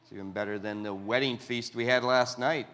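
Preacher guy reading scripture, dramatic pauses, drops low for asides, middle pitch. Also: steady tone, a bit bright.

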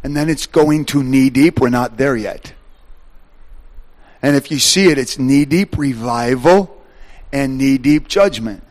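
A man in his thirties preaching a lively sermon, swinging between quiet storytelling and loud exclamations. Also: medium pitch, unhurried.

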